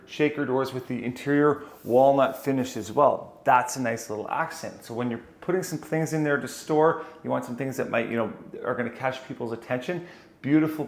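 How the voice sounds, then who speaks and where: Walking room to room indoors, a real estate tour host with a medium-pitched, creaky voice gives a casual walkthrough of a house. He talks enthusiastically and conversationally, often repeating words for emphasis.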